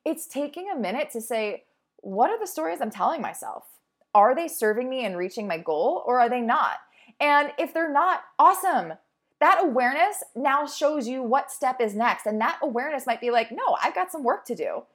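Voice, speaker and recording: A young adult woman who works as a fitness instructor and host delivers a motivational monologue. Her voice sits high and is expressive, at a normal speed. She sounds upbeat, encouraging and conversational, acting out inner voices as she goes.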